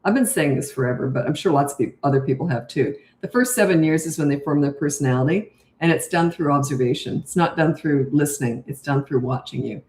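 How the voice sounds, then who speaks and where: The speaker, an older parent coach, fields questions from her live viewers at a low, slow, relaxed pace. The recording sounds roomy.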